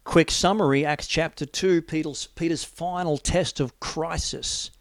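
A middle-aged man preaching a sermon, swinging from loud declarations to hushed, near-whispered lines. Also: on the high side, steady tone, a little slow, dry recording, clean studio sound.

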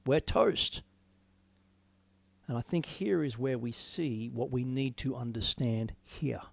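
A man giving an earnest, reflective sermon, moving from hushed musing to emphatic declarations. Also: medium pitch, slow, creaky. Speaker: preacher. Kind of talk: informal sermon, devotional talk.

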